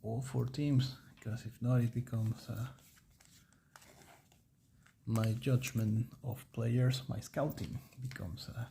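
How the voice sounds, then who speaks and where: Gravelly-voiced man streaming a card break. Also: medium pitch, steady tone, takes it slowly, long pauses, mellow, slight background noise. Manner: chatty, rambling, reading off player names.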